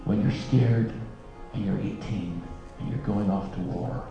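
A man's voice: fairly low pitch, steady tone, unhurried. Earnest male storyteller in echoey hall. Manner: earnest storyteller, softening to a hush at emotional peaks. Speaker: speaker. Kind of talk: storytelling sermon. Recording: dull echoey hall with music.

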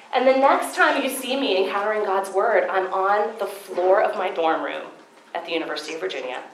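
A woman giving a personal testimony talk to an audience, heartfelt and sometimes tearful, pausing to greet people as they come in. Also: medium pitch, slight background noise. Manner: warm, tearful, greets latecomers. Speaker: speaker at a Christian gathering. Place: room with an audience. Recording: echoey room, faint ambience.

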